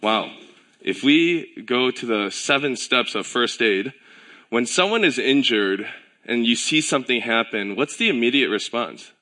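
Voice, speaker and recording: A man giving a casual, conversational sermon. He tells stories in a relaxed way, uses filler words, and acts out the voices he quotes. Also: mid-range voice, measured pace. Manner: relaxed storytelling with filler words and self-corrections. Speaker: pastor.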